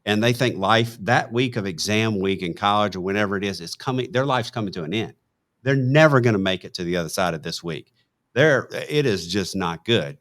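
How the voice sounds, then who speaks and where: A middle-aged man, chatting on a panel and telling stories, getting worked up as he goes. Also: lowish voice. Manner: animated storytelling, gets worked up. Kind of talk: casual panel chat.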